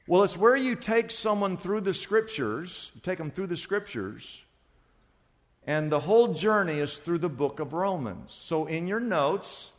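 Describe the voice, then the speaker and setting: A male pastor preaching a sermon, acting out back-and-forth dialogues in a lively, conversational way. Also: fairly high pitch, big-room sound.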